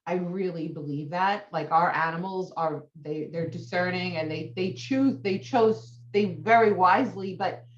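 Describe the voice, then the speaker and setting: A woman's voice: on the low side, measured pace, hardly any pauses, roomy sound, muffled recording. A woman co-hosting a casual chat, emotional and gushing. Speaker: podcast co-host, animal advocate.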